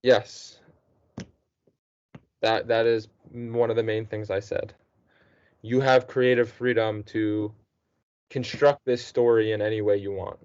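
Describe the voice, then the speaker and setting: A man's voice: on the low side, little pitch movement, takes it slowly, pauses often, a little mellow, clean tone. A man teaching a student one-on-one, patient and encouraging, checking in with the student often. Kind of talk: one-on-one tutoring session. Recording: dull dry lo-fi recording.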